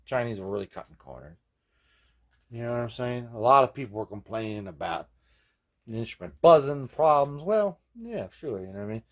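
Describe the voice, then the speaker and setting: This guitar repair host speaks at medium pitch, animated and fairly quick. His casual workshop talk wanders and swears freely, leaning on fillers like "man" and "you know what I mean" while he cracks himself up.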